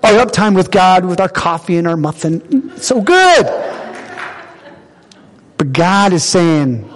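Male pastor, high lively preaching voice, repeats phrases for emphasis, church hall reverb. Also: moderate pace. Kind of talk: sermon. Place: church sanctuary.

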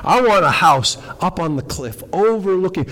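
A man's voice: sits high, animated, normal speed, fairly bright tone. A man voicing a smug man in a told joke, listing his demands. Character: smug man wanting a cliff house and cash. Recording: long hall reverb.

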